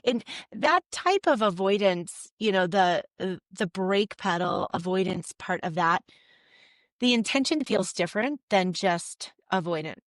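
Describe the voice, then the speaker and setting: A woman, a couples therapist, explaining with lively, acted-out examples in an interview. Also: mid-range voice, a little slow, dry recording.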